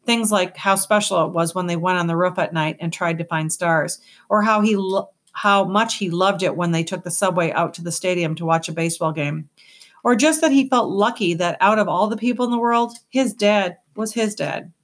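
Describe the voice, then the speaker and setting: Woman, audiobook narrator, measured storytelling, somewhat low voice. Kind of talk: scripted narration.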